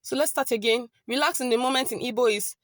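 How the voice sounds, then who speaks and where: A woman teaching a casual online lesson, chatty and often checking in with "okay?", slowing down to repeat phrases carefully. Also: on the high side, no room sound. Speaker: language teacher.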